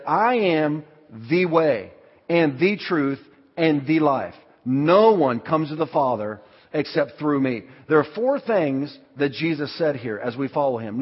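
Male pastor, emphatic sermon delivery with bursts of shouting, slightly husky, higher-pitched voice, dull recording in a big reverberant church. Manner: emphatic, with sudden loud shouted lines. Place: large church hall. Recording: dull audio with long hall reverb.

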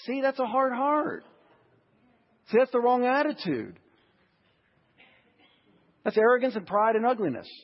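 Pastor guy preaching, husky high voice, long church echo, kinda dull audio. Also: expressive, unhurried, long pauses. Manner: preaching with rhetorical questions, rising emphasis. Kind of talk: sermon. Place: church sanctuary.

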